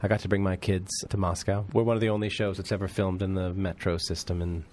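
Laid-back American man, low voice. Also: flat delivery, quick pace, a little mellow. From United States. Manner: joking, laid-back, playful. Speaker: guest actor. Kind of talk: casual interview chat.

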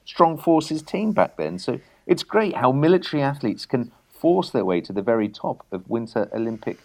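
A man's voice: medium pitch, sing-song, normal speed, creaky, a little mellow. A man co-hosting a radio show, chatting and asking leading questions. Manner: conversational, asks leading questions. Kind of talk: casual chat.

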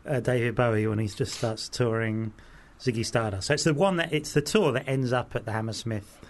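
A man chats casually and tells a long, winding anecdote. He fills it with "like" and "um" and acts out the voices of the people in the story. His pitch sits in the middle range. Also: a little fast. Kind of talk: casual chat.

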